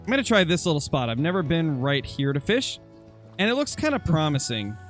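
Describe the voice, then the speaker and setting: A man hosting a relaxed gaming chat with friends, talking in a chatty, playful way. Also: on the high side, fairly quick, soft background music. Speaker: channel host playing a hunting game.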